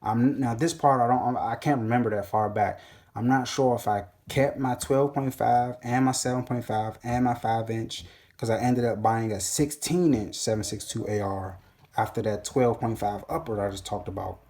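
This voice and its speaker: A man's voice: mid-range voice, fairly even intonation, moderate pace, a little mellow. A man hosting his own gun channel, telling a rambling storytime recap in a casual, profane way, full of fillers and restarts.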